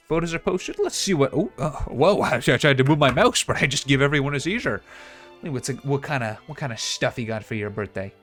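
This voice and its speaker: A man's voice: medium pitch, expressive, fast, a bit bright, soft background music. A male streamer chatting casually and rambling through game commentary, often laughing at himself. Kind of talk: casual let's-play commentary.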